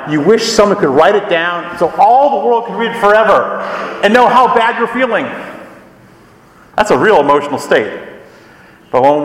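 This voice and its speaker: A pastor preaches a sermon in an earnest voice that sinks low and soft whenever he affirms his faith. He stands well back from the microphone. A long, roomy reverb from the hall surrounds every word. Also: distant mic. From Scotland. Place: church sanctuary. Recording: echoey hall, voice from afar.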